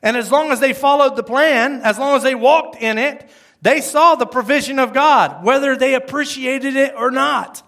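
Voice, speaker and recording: Lively high-voiced pastor preaching. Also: male voice, normal speed. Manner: animated, acts out quoted lines, swings from loud to hushed. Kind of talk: sermon.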